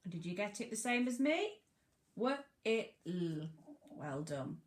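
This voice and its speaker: Woman teacher, phonics lesson for small children, slow and deliberate, clear sounding-out, encouraging. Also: medium pitch, very animated.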